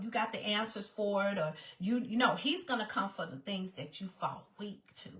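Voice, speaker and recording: A woman vlogger talking personally to her viewers in an emphatic way, often repeating her phrases. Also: medium pitch. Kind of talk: personal talk to camera.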